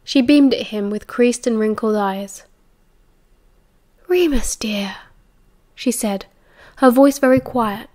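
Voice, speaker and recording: A woman with a British accent reading an audiobook in an even, measured way. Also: a little high. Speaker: audiobook reader. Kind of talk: audiobook narration.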